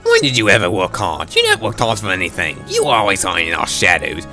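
A man voices a scornful, power-hungry woman who rants about her claim to a witch's title. The voice stays low but swings widely in pitch. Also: wildly swooping pitch, quick pace, sharp tone, faint music behind, exaggerated voice. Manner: scornful, ranting. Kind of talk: amateur fan voice acting.

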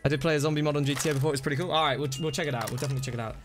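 A man's voice: a little high, rapid-fire, over music. A young man streaming a game live, chatting casually with his viewers between plays. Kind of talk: casual live-stream chat while gaming.

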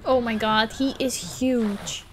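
A woman streamer doing panicky let's play commentary of a horror game, exclaiming and talking slowly between scares. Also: fairly high pitch, a little hiss or hum. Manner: slow, drawn-out talk.

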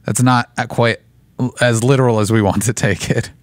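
A man's voice: mid-range voice, fairly even intonation, normal speed, dry recording. A man co-hosting a church podcast, casual and teasing. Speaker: podcast co-host.

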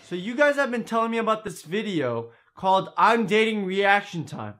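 A man's voice: high voice, lively intonation, normal speed, few pauses, a bit bright, soft background music. A man hosting a reaction video, exasperated and exclaiming, swearing as he comments.

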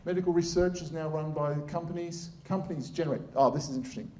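Aussie surgeon guy giving a talk, blunt and sarcastic, warm dark voice. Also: fairly high pitch, quick pace. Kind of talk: lively public talk.

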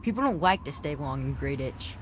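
A woman's voice: low voice, lively intonation, fairly quick, slight background noise. A woman voicing a scared, whiny young boy. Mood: explaining. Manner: scared, whiny, breathless pleading. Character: frightened young boy survivor, pleading. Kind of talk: video game dialogue.

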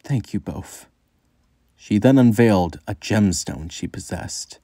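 A man voicing a gracious young princess, speaking softly and politely. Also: fairly low pitch, animated, slow, dry recording, clean studio sound. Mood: grateful.

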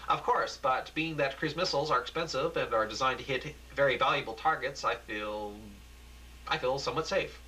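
A man's voice: mid-range voice, moderate pace, bright, forceful tone, slight background noise, natural voice, low-quality recording. Terry, a man doing a nervous rooftop reporter. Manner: hesitant, stammering.

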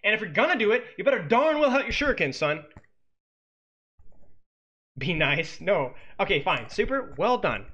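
A man's voice: high-pitched, sing-song, normal speed, pauses often, sharp tone, breathy edge, muffled recording. A man coaching as he analyzes a game replay, teasing and sarcastic, cracking jokes between points. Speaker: esports coach.

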